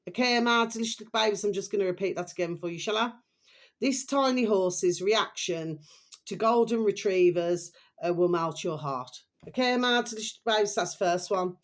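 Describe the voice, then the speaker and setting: A woman chatting in a rambling, affectionate way, repeating pet phrases and dropping into soft asides while recommending videos. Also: medium pitch, normal speed. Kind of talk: rambling casual vlog chat.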